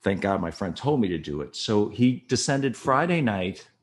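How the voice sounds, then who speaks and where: Low-voiced man telling an earnest personal story. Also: big pitch swings, a little hiss or hum. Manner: earnest, gets quick and agitated when reliving tense moments. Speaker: guest recounting a personal experience.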